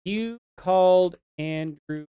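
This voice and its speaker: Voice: mid-range voice, slow pace, smooth, no room sound, narrow, tinny audio, faint music behind. A streamer giving live commentary on a debate, rambling and jokey, then getting heated in rants.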